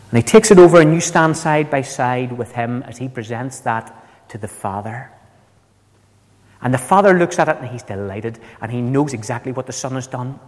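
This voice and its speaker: A man preaching a sermon with dramatic delivery, slowing down for quoted words. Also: high-pitched, darkish tone. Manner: dramatic, slows for quoted lines. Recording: long hall reverb.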